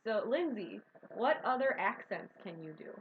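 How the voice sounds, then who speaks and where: A woman's voice: on the high side, animated, normal speed. Chatty woman co-host, laughs a lot, muffled stream sound. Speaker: co-owner of a role-playing stream. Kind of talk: casual chat. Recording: dull lo-fi stream audio.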